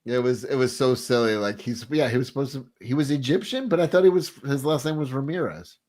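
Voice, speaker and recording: A man's voice: mid-range voice, a little fast, darkish tone. Guy rambling and cussing thru a story, mid voice, chill livestream chat. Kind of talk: casual livestream banter.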